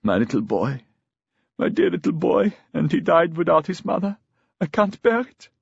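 A man's voice: on the high side, very animated, moderate pace, creaky, husky, no echo, lo-fi sound, voice pushed up, heavily acted. A man voicing a heartbroken mother who sobs as she speaks. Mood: anguished. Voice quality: sobbing, wailing. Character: grieving mother, woman, heartbroken.

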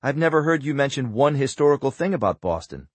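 A man's voice: sing-song, fast, husky, dry recording. A man voicing a no-nonsense woman police detective in a lifted, lighter voice. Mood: sharp questioning. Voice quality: raised, lighter pitch.

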